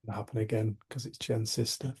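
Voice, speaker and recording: A middle-aged man with a lowish, somewhat mellow voice and a breathy edge hosts a community group, speaking briskly in a flat delivery. He tells reflective personal stories frankly and ramblingly, restarting sentences and swearing casually.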